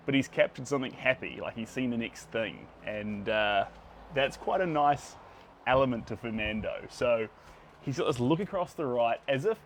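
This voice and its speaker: Kiwi guy painting on a livestream, chatting to viewers, faint hum behind. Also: medium pitch. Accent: New Zealand. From New Zealand. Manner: chatty, greets viewers by name while painting. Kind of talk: casual painting livestream chat.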